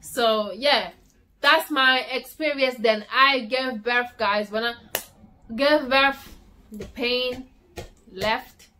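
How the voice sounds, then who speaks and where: A young woman vlogger telling a personal story at home, casual and animated, repeating words for emphasis. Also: fairly high pitch, slow pace, slight background noise.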